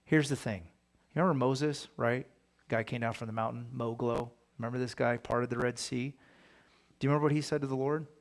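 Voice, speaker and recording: Gravelly-voiced man teaching scripture casually. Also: mid-range voice, steady tone, brisk. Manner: conversational, asks the listeners rhetorical questions. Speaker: pastor. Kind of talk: casual Bible study teaching.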